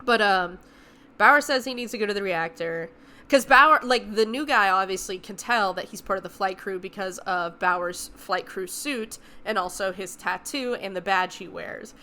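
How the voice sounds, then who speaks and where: A young woman hosting a podcast, recapping a movie in a casual, animated, profanity-laced way full of fillers. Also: medium pitch, moderate pace. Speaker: podcast host.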